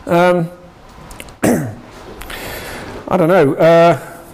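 Lay preacher, male, casual and meandering delivery, voice a touch higher than usual. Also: level tone, extremely slow, a little mellow, a little hiss or hum. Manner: conversational, rambling, with frequent restarts and asides. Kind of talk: informal sermon.

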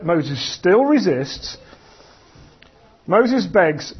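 A man preaching a sermon in an animated, conversational storytelling manner. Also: high voice, slow pace, slightly rough. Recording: dull lo-fi sound.

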